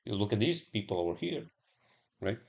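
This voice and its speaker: A man's voice: on the low side, big pitch swings, brisk, vocal fry, darkish tone, dull audio. A man rambling in a casual monologue, swearing often and musing aloud with lots of fillers.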